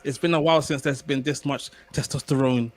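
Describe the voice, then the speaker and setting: A young man co-hosting a podcast, telling stories in casual chat with animated repeats and restarts. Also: mid-range voice, brisk, background noise. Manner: animated storyteller, stammers and repeats words. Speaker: podcast co-host.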